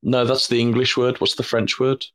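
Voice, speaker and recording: A man with a West Midlands accent co-hosting a podcast, teasing in a joking deadpan way. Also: mid-range voice, moderate pace. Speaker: podcast co-host. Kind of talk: casual podcast chat.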